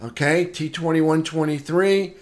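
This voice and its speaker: A man's voice: fairly high pitch, fairly even intonation, unhurried. A man, a trading instructor, giving a live market analysis lesson, repeating points and checking in with "okay?" often. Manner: greets viewers by name mid-lesson.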